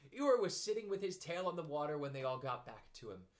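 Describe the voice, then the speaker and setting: Man, storybook narration, lively intonation, slightly high voice. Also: a little fast. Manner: expressive narration. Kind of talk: storybook read-aloud.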